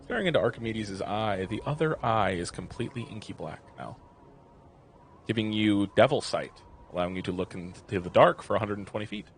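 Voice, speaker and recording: A man's voice: on the low side, fairly quick, slight background noise. Man narrating a tabletop game. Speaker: game master.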